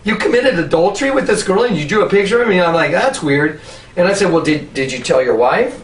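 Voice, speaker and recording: Excitable high-voiced man in echoey room. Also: brisk, slight background noise. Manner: excitable, laughs often, acts out dialogue. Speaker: preacher. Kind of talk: animated storytelling presentation. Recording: roomy echo, mic at a distance, faint ambience.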